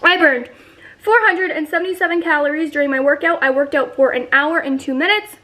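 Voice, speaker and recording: High-voiced chatty young woman vlogging. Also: steady tone, fairly quick, sharp tone, rough recording. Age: 20s. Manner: chatty, rambling, filler-heavy. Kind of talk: casual vlog chat.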